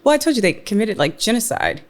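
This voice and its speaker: A woman's voice: medium pitch, very animated, quick pace. A woman co-hosting a podcast in casual chat, playful and chatty, who explains things at length. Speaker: podcast co-host.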